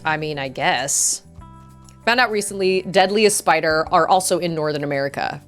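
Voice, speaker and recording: A woman's voice: sits low, normal speed, soft background music. A woman from Utah streaming a game, rambling chattily and laughing often as she plays. She enunciates carefully, with hard R's. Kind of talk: casual chat while playing a game.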